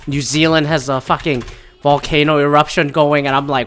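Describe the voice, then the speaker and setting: A man's voice: a little high, fairly even intonation, normal speed, fairly bright tone. Guy doing a solo podcast into his mic, rambly, cusses a lot, keeps restarting. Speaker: podcast host. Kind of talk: casual solo podcast monologue. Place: home recording in Michigan. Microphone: podcast microphone.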